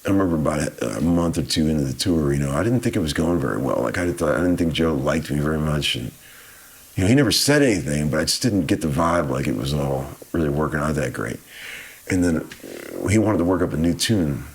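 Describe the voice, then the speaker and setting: A man's voice: a bass voice, lively intonation, fairly quick, vocal fry, breathy edge. A man telling stories in a casual, laid-back way, rambling and often saying "man". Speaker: guest musician telling stories. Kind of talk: casual storytelling.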